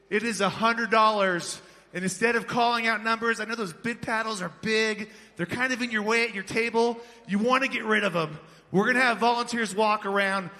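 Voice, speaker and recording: A man working as a charity auctioneer at a gala, rapidly calling bidder numbers and urging the room to applaud. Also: high-pitched, pushed and bright. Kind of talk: live fundraising paddle-raise auction calling. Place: large hotel ballroom at a gala dinner. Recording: long ballroom reverb, faint crowd ambience.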